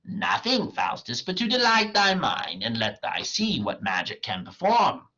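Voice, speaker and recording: Male reader voicing a sly devil tempter, slow and deliberate, husky, lo-fi. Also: high voice, wildly swooping pitch, pushed and bright, voice pushed up, full character voice. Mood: tempting. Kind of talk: dramatic reading of a play.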